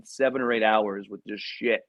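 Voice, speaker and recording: Casual storyteller, profane and rambling, dull dry lo-fi sound. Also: male voice, on the low side, steady tone, normal speed, fairly bright tone, no room sound. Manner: rambling, profane, many ums. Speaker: podcast guest, Marine veteran.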